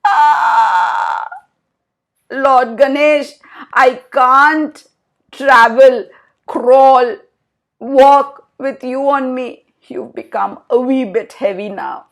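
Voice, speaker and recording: A woman voicing a small male mouse in a children's story, pleading in a high squeak. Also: extremely slow, full character voice. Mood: complaining.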